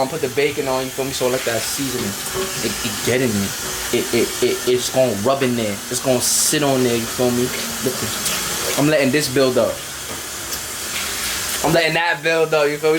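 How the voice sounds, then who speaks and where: A young man cooking in his home kitchen and talking to viewers, quick and slangy, often asking "you feel me". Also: mid-range voice, background noise. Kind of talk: casual cooking vlog.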